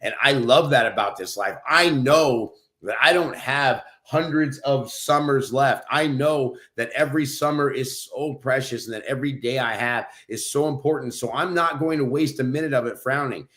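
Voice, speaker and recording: Male co-host from New Mexico, mid-pitched, upbeat motivational podcast delivery. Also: moderate pace, hardly any pauses, a bit bright. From New Mexico, USA. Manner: upbeat, pep-talk delivery. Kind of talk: motivational casual talk.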